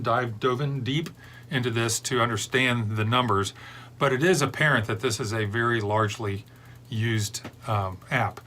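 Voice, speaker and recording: A man's voice: medium pitch, sharp tone, slight background noise. A middle-aged man hosting a beer review show, chatting casually and drifting off into long digressions. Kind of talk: rambling casual chat.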